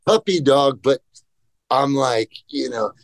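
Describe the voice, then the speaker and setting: A middle-aged man and pro skateboarder, telling stories in casual chat, animated and profane, acting out quotes in voices. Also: mid-range voice, takes it slowly, creaky, no echo.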